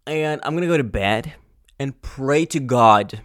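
A man's voice: medium pitch, a little slow, no echo, clean studio sound. A young man hosting a casual podcast, ranting with lots of swearing and trailing off mid-sentence. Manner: animated, swears a lot, trails off and restarts. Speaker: podcast host.

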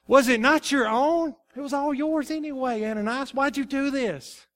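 A preacher voicing a stern, accusing apostle. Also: male voice, very high-pitched, normal speed, fairly bright tone, pitched above the performer's own voice. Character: stern male apostle confronting a liar.

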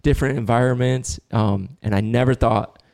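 A man hosting a podcast, telling a long story in a casual, animated way and laughing now and then. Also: mid-range voice, moderate pace, no echo, studio quality. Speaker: podcast host and dog trainer.

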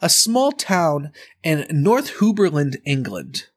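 A man's voice: fairly high pitch, very animated, slow. A man hosting a casual podcast chat, telling a story with dry, jokey asides.

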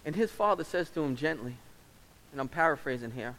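A man's voice: on the high side, lively intonation, a little fast, fairly bright tone, slight background noise, low-quality recording. A male pastor preaching a sermon in a church, earnest and emotional, pleading with his listeners and then leading them in prayer. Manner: earnest, pleading altar call.

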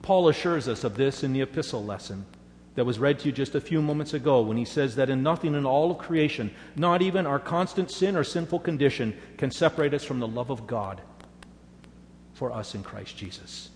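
A man's voice: mid-range voice, animated, fairly quick, darkish tone, big-room sound. A man preaching a sermon, telling stories earnestly and making emphatic assurances to his congregation. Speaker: pastor.

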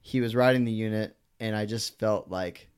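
A man's voice: lowish voice, fairly even intonation, moderate pace, clear, resonant tone. A man casually telling a personal story in a podcast chat. He rambles, fills his talk with "like" and acted-out quotes, and swears freely. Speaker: guest.

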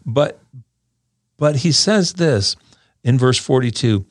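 A man's voice: mid-range voice, expressive, no room sound. Earnest man explaining scripture, dry sound. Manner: earnest, repeats words when starting sentences, reads verses aloud slowly. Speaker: podcast co-host discussing scripture. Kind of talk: casual scripture discussion. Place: small quiet room.

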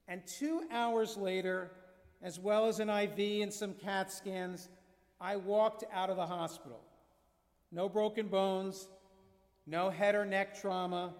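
A rabbi, a man in his fifties, gives a sermon and tells a story in a measured, earnest way. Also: sits high. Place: synagogue sanctuary. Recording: long reverb of a large hall.

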